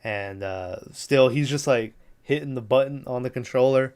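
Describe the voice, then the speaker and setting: A man's voice: mid-range voice, normal speed, a little mellow, clean tone. A young man hosting a podcast, casually recapping a movie plot in a loose, rambling way with lots of fillers and swearing. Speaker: podcast host.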